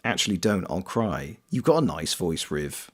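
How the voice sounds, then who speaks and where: A man with a South Coast English accent talks casually over a game stream, teasing and joking with his viewers. His voice sits a little low but swings up and down in pitch with animated, playful energy. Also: normal speed. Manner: playful, reads and answers chat. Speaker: streamer and voice actor. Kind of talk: casual gameplay commentary.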